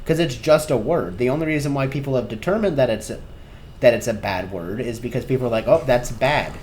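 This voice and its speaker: A man's voice: mid-range voice, expressive, fast, a little mellow, slight background noise. An American man co-hosting a casual comedy podcast, rambling and hesitant as he thinks aloud. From United States. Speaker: podcast co-host.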